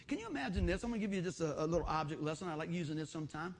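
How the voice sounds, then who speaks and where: A man preaching a sermon, lively and acting out little everyday scenes with voices. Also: high voice, racing, vocal fry, hardly any pauses, a little hiss or hum. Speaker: pastor.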